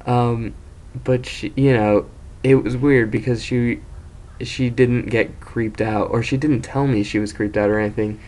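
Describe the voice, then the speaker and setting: A man's voice: mid-range voice, fairly even intonation, unhurried, a little mellow. A young man casually telling an embarrassing story as host of his own video series, rambling, self-mocking and swearing freely.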